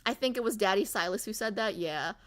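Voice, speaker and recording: A woman's voice: mid-range voice, animated, brisk, a bit bright. A woman streamer in casual livestream chat, chatty and giggly, reading viewer comments aloud.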